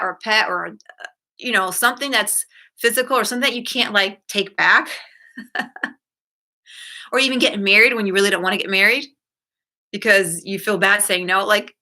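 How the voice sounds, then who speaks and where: A woman's voice: medium pitch, sharp tone. A middle-aged woman hosting a self-help talk, chatting in a rambling, self-correcting way and acting out quoted lines in a shifted voice. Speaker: self-help podcast host. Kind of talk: casual solo talk.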